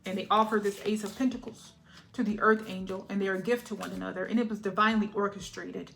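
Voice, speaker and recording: A woman's voice: medium pitch, steady tone, fast talker, vocal fry, a bit bright. A woman giving a collective tarot reading in a chatty, emotional way, often laughing and checking in with "all right?". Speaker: tarot reader.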